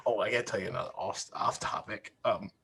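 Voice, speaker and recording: Lowish, fast, gravelly, and fairly bright, this thirty-something podcast co-host laughs his way through family stories in easygoing conversation. He performs his family's quotes as he goes.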